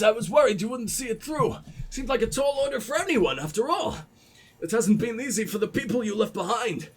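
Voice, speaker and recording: A man's voice: very high voice, full character voice. A man reading out a grateful letter from a game in a put-on Russian accent. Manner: reading aloud in a mock accent.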